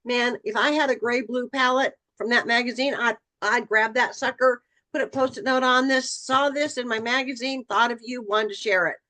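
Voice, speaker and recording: A woman's voice: a little high, fairly even intonation, normal speed, few pauses, sharp tone. A middle-aged woman leading a training session for real estate agents, talking casually and acting out bits of client dialogue. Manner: conversational, acts out client dialogue.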